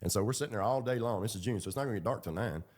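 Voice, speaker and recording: Low-voiced guy rambling thru a story, casual, lots of ums. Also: rapid-fire, a little mellow. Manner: rambling, colloquial, with fillers and laughs. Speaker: ex-prisoner telling his story.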